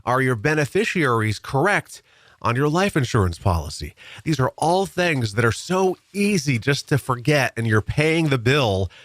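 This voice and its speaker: A man's voice: medium pitch, big pitch swings, normal speed, fairly bright tone, no room sound. A man who works as an insurance agent, chatting earnestly on a morning radio show and giving practical advice. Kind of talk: casual radio chat.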